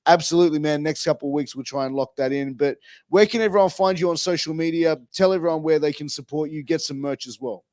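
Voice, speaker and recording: A man's voice: on the high side, quick pace, darkish tone, dry recording, studio quality. A man with an Australian accent hosting a podcast, laid-back and casual, swearing freely as he chats. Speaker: podcast host. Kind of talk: casual interview chat.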